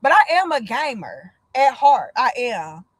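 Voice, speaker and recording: A woman in her thirties from the United States hosts a casual livestream chat, blunt and profane, telling stories with lots of energy. Her voice is fairly high and unhurried, and the recording is dry.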